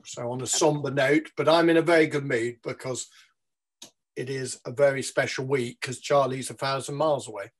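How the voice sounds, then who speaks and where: A man's voice: medium pitch, steady tone, normal speed. A man chatting on a video call in a jovial, mock-solemn way. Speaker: regular panelist. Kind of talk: casual chat over a video call.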